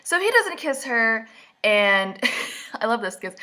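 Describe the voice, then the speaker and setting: Bright, sarcastic chatty woman. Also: on the high side, big pitch swings, measured pace. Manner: sarcastic, mocking, chatty with many "like"s. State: just woken up. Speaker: book reviewer vlogger. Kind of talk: casual book commentary.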